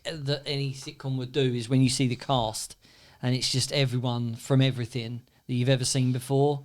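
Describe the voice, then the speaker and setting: A man's voice: mid-range voice, level tone, moderate pace. A man, co-hosting a casual podcast chat and retelling scenes with lots of laughter and acted-out quotes. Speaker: podcast co-host.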